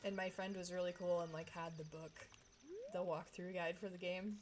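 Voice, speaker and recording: A woman's voice: lowish voice, level tone, normal speed, background noise. A woman streamer from Texas, chatting casually with viewers while she plays a game. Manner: chatty, talks to chat while playing. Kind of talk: casual gaming stream chat. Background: video game music.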